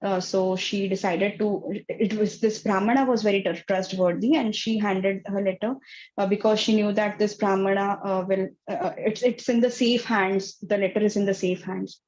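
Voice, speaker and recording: A woman telling a story to an online kids class, halting and full of fillers. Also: medium pitch, steady tone, darkish tone, highs cut off. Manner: halting, many fillers and restarts. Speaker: teacher.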